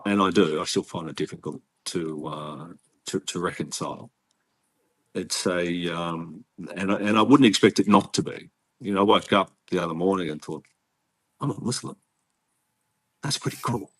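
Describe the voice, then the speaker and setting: An Australian man talks through his story in a casual interview. His voice sits a little low, and he speaks earnestly, often breaking off and starting over. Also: fairly even intonation, a bit bright. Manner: earnest, halting storytelling with frequent restarts. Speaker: interview guest.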